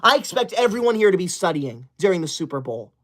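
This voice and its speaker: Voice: mid-range voice, very animated, fairly bright tone. Bossy, indignant livestreamer scolding chat. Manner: bossy, indignant scolding, quick to kick viewers out; prim, rule-enforcing and self-important. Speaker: livestreamer reading viewer super chats. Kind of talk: livestream chat reading in an over-the-top teacher's-pet persona.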